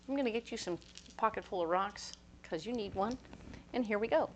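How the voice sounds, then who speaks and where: A woman's voice: on the high side, brisk, slight background noise. Chatty playful woman reading tarot. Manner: chatty, playful, animated asides. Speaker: tarot reader.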